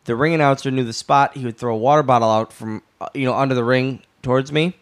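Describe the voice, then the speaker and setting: Man, podcast guest, animated storyteller, swears freely, casual chat. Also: medium pitch, fast.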